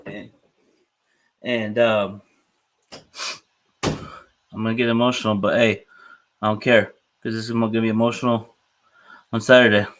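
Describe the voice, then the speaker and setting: A man's voice: on the low side, little pitch movement, unhurried, pauses often, fairly bright tone. A man hosting a casual sports podcast who talks in an emotional, repetitive way and keeps ending phrases with "man". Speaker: podcast host.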